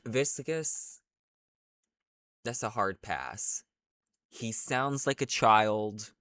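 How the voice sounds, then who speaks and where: A man's voice: on the low side, very slow, fairly bright tone, no room sound, studio quality. A young man chatting casually in a rambling, crude, gushing way as he ranks characters. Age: young adult. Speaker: vlogger. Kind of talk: casual ranking chat.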